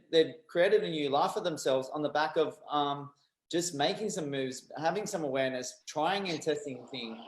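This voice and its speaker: A man hosting a podcast, talking in a relaxed conversational way and prompting his guest with questions. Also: fairly high pitch, reverberant, poor audio. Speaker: podcast host. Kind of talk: casual podcast chat.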